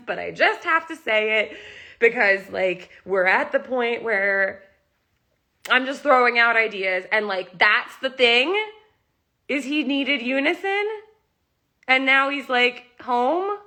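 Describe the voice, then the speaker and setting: A woman's voice: fairly high pitch, lively intonation, slow pace, sharp tone. A woman chatting casually and emotionally on a live stream from her phone, rambling with many "like"s. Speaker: kitten rescuer talking on a live stream.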